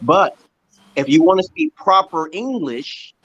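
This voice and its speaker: A man's voice: on the high side, lively intonation, unhurried, a bit bright, husky, muffled recording. A man from Brooklyn, New York, hosting a livestream and lecturing in an emphatic, repetitive, insistent way. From Brooklyn, New York, USA. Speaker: livestream host.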